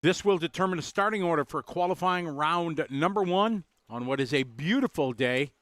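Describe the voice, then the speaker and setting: A man's voice: fairly high pitch, lively intonation, normal speed, a bit bright, no room sound. A man doing casual live commentary at a race, chatting and greeting viewers.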